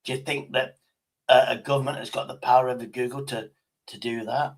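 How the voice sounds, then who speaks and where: A man's voice: medium pitch, steady tone, a little fast, slight background noise, low-quality recording. Male streamer, casual, rambling, sweary, mid-range voice. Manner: rambling, sweary, restarts his sentences. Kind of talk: casual chat with an AI.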